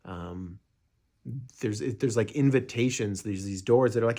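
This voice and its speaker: A man's voice: on the low side, a little slow, warm tone. A young man teaching meditation in a casual, rambling way, with many fillers and restarts, sometimes acting out what a friend might say.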